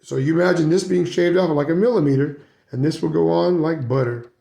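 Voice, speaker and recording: A man's voice: fairly high pitch, fairly quick, creaky, mellow, roomy sound. A man giving a casual hands-on how-to demonstration, chatty and often checking in with "right?" and "guys". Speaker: RC hobby video maker.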